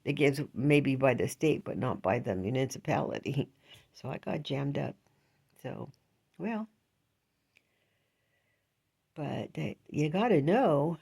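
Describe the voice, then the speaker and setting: Rambling older woman, gravelly voice. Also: very deep voice, animated, takes it slowly, long pauses, a little mellow. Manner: chatty, indignant, rambling with laughs. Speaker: vlogger. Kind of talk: casual rambling monologue.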